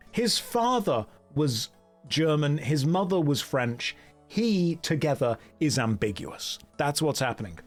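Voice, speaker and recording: A male game streamer talking casually in wry, rambling runs, dropping quick jokey asides as he plays. His voice sits a touch high for a man. Its pitch moves in a lively, animated way. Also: faint music behind. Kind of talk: casual live-stream commentary.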